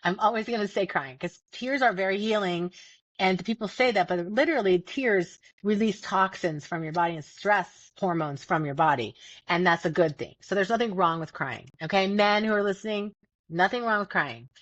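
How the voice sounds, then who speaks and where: A woman's voice: medium pitch, normal speed, fairly bright tone, no echo. A woman hosting a podcast, talking casually and earnestly about feelings, stressing her points and often repeating words. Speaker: podcast host. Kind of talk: casual self-help talk. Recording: dull, dry lo-fi sound.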